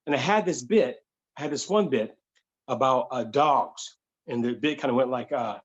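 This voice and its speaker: A man telling a funny true story to an audience, animated and conversational, slipping into voices. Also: medium pitch, normal speed, husky, dull audio. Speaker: solo performer and storyteller. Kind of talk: comedic live-streamed storytelling.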